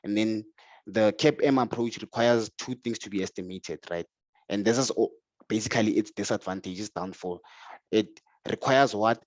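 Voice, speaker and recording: A man's voice: lowish voice, normal speed, a little mellow, no room sound. A man lecturing on finance who keeps asking "right?" and answers his own questions, often repeating words as he starts. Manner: stumbles and repeats words when starting phrases. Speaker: finance tutor. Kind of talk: explanatory lecture. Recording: dull, lo-fi, dry sound.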